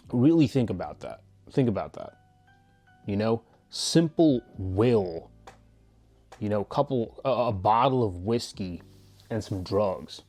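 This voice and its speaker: Slow, low-voiced blunt man. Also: mellow, no room sound. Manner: blunt, profane, rambling with restarts. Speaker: channel host. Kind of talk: blunt motivational monologue.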